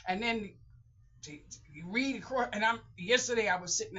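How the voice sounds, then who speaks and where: A woman's voice: on the high side, moderate pace, bright, forceful tone. A woman talking candidly in a personal vlog, blunt and emotional, rambling and repeating herself. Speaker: vlogger. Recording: dull lo-fi audio.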